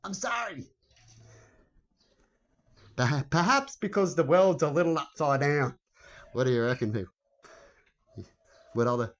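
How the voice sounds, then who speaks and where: A man's voice: fairly high pitch, animated, a little slow, long pauses. Rambling, swearing man talking to his phone. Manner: rambling, swearing, chuckling asides, rhetorical questions. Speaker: vlogger. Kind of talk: rambling casual monologue to camera.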